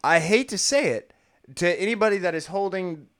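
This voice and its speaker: A man with a smooth, resonant voice talks in a loose, casual way. He rambles and restarts, then gets animated and laughs as he makes his point. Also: high-pitched, a little fast. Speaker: podcast co-host. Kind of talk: casual discussion.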